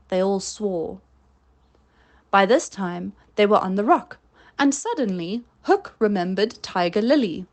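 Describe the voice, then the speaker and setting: A woman reading a storybook aloud in a measured narrating style. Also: medium pitch, expressive. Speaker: audiobook reader.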